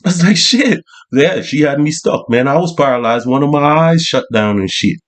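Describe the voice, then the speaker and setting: A man's voice: on the high side, animated, normal speed, natural voice. A man putting on a rambling old street hustler. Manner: slangy, rambling, exclaiming. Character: older male street hustler, rambling and boastful.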